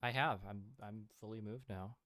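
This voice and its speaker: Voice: medium pitch, moderate pace, fairly bright tone. A laid-back game master chatting casually on a voice call, swearing when things go wrong. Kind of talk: casual chat over voice call.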